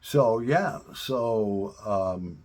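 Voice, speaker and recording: A man casually chatting to camera as a pipe-smoking vlogger, telling rambling stories in a relaxed way. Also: fairly low pitch. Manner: relaxed, rambling storytelling with drawn-out pauses.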